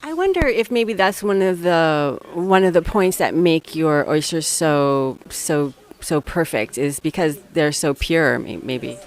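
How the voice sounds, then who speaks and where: A woman's voice: low-pitched, expressive, a little slow, hardly any pauses. An American woman hosting a food podcast, asking chatty, rambling interview questions with enthusiasm. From United States. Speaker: podcast host.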